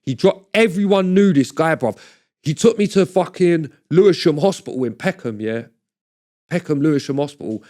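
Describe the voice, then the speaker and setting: A man's voice: a little high, expressive, moderate pace, warm tone. A middle-aged man, a podcast guest telling stories in blunt, swearing street slang. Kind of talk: casual storytelling chat.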